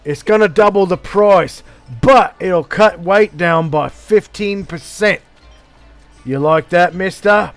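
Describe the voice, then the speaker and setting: A man voicing a large, gruff male blacksmith, hearty and full of swearing. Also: high voice, slow pace, soft background music, pitched above the performer's own voice.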